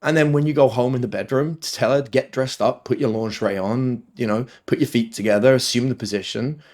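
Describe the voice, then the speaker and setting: A man, a dating coach guest on a podcast interview, telling stories with lively, acted-out quotes. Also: medium pitch, a little fast. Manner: animated storyteller, acts out quotes in other voices.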